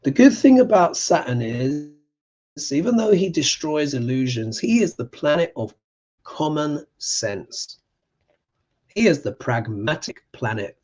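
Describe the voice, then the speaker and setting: A man's voice: a little high, sing-song, a little slow, a little mellow, dull audio. A man hosting a live astrology show, reading tarot cards and ranting with emphatic passion.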